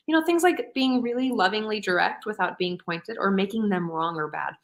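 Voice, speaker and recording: Woman, podcast co-host, casual chat, animated, laughs often, mid pitch. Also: fairly quick, hardly any pauses.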